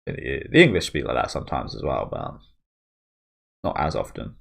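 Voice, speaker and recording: A man's voice: a bass voice, wildly swooping pitch, normal speed, gravelly, fairly bright tone. A man hosting a casual manga reading, commenting freely and swearing often. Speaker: manga reaction host.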